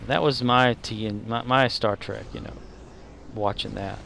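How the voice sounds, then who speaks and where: Fairly low and a bit creaky yet slightly bright, his steady voice runs a little slow against light background noise. The speaker is a man from the Southern US giving rambling, jokey, filler-heavy commentary while he streams a game.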